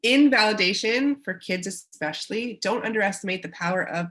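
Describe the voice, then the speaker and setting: A woman's voice: medium pitch, brisk, fairly bright tone. A woman with a Canadian accent presents a parenting webinar in an encouraging way, acting out short quotes of parents and children.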